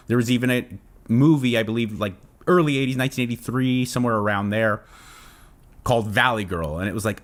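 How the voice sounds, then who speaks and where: A man from Southern California hosting his own channel, chatting casually to camera and rambling off on tangents. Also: lowish voice. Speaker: fitness channel host.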